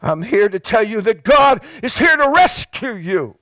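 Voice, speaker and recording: A male pastor with a New England accent preaching a fervent sermon, stacking repeated words and swelling into shouts. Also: very animated, unhurried, no room sound. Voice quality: high-pitched and impassioned, repeating words as he builds.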